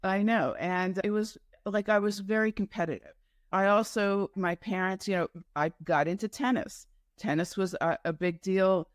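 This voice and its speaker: A woman's voice: medium pitch, normal speed, no echo. Woman telling meandering stories, dry sound. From New York. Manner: meandering, with frequent asides and self-corrections. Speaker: guest entrepreneur. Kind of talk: casual interview storytelling.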